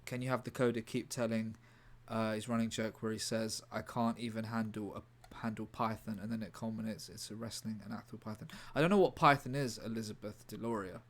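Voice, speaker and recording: A man streaming live in a rambling, deadpan way, breaking off to answer his chat. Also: on the low side, a little fast, few pauses. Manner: rambling, deadpan, self-interrupting. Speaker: livestreamer reading chat. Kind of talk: casual livestream chat.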